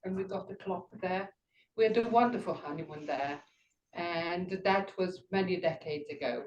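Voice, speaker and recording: An older woman giving an impromptu speech at a club meeting, thoughtful and rambling, pausing to find her words. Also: lowish voice, a little mellow, echoey room, highs cut off. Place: meeting room.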